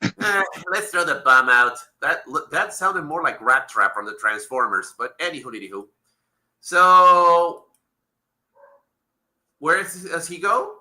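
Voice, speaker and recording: Host, male, high and very bright voice, profane heated rants. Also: very animated, a little slow, long pauses. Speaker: podcast host. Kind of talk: wrestling talk show.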